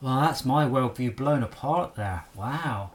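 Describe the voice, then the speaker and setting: A man's voice: mid-range voice, animated, measured pace. A man streaming a game live and sarcastically scolding trolls in his chat.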